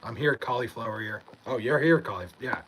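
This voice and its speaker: A young man from Long Island, high and laid-back, reading comments aloud in a casual livestream and swearing freely. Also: fast talker, a bit bright, a little hiss or hum, rough recording. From Long Island, New York.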